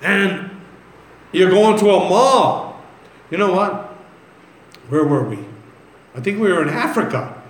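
A man's voice: high-pitched, expressive, takes it slowly, long pauses. A man preaching a sermon, reading scripture aloud and then telling stories in a loose, conversational way. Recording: echoey room with faint ambience.

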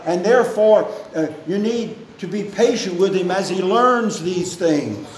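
A man preaching a sermon to his congregation in a church, earnest and measured, with pauses between phrases. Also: high-pitched, slight background noise. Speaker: pastor. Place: church sanctuary. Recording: echoey church room, faint ambience.

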